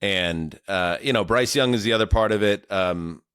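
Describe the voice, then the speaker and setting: A man's voice: lowish voice, moderate pace, clear, resonant tone, no echo, clean studio sound. A man hosting a sports podcast, chatting casually and jokily with many fillers. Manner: relaxed, many fillers, jokey. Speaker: podcast host.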